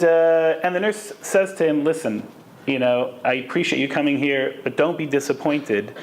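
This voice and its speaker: A man giving a lecture on Jewish law to an audience, telling stories and mixing Hebrew terms into his English. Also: fairly high pitch. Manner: storytelling, Hebrew terms woven in. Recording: echoey room, faint background noise.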